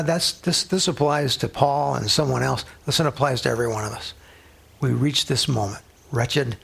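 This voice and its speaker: A man's voice: mid-range voice, creaky, a bit bright, breathy edge. A man teaching a Bible study in an earnest, conversational way, dropping to a whisper to stress a point.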